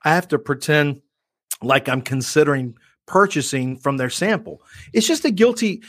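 A man hosting a podcast, telling a story in an animated, profane, self-mocking way. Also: fairly high pitch, moderate pace, no room sound, clean studio sound. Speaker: podcast and radio host. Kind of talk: casual chat, storytelling.

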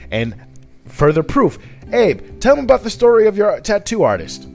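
A man co-hosting a podcast talks in a blunt, profane, casual way. His pitch swings widely as he argues his points, with faint music under him. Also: wildly swooping pitch, moderate pace, creaky, a little mellow. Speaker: podcast co-host. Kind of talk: casual chat.

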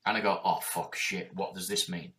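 A middle-aged man with a Yorkshire accent, a business coach in casual podcast chat, animated and swearing as he acts out quoted voices. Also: low-pitched, moderate pace. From Yorkshire, England.

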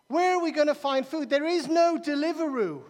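A man's voice: extremely high pitch, normal speed, a little mellow, voice pushed up. A preacher voicing flustered male disciples who plead again and again about where the food is, in a church with a long reverb. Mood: panicky. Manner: panicky, pleading, repeating himself.

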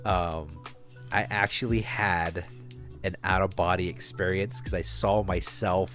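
A man's voice: deep voice, fairly even intonation, a little slow, fairly bright tone, faint music behind. A man hosting a podcast, telling a long rambling story in casual talk, with restarts and swearing. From Alaska. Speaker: podcast host.

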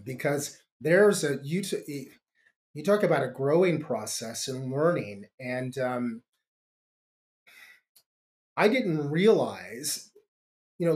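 A man's voice: a little high, darkish tone. A middle-aged man, a podcast guest, telling a personal story in an earnest, reflective way with frequent restarts.

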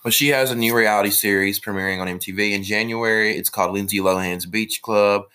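A man's voice: lowish voice, fairly even intonation, fairly quick, pushed and bright, slight background noise. A man co-hosting a casual chat, rambling and swearing freely as he tells a story. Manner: rambling, profane, lots of restarts. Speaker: podcast co-host. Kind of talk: casual pop-culture chat.

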